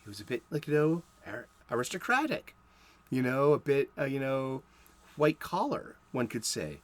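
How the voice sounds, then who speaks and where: This comic book podcast host is a man in his fifties from South Boston, Massachusetts, with a Boston accent. His mid-range voice has a darkish tone and moves a little fast. Alone on the mic, he talks casually about comics and drifts into joking asides.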